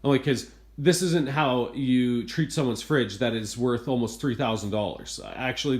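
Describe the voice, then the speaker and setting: A man filming at home, retelling a bad repair visit in an exasperated, hurried rant. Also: mid-range voice. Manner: exasperated, retelling events in a rush. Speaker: homeowner reviewing appliances. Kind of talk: ranting home video complaint. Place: inside a home kitchen.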